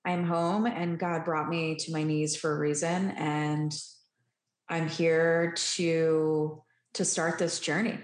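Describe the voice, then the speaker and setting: A woman's voice: low voice, level tone, slow pace. A woman guest candidly and earnestly telling her personal recovery story. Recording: roomy echo.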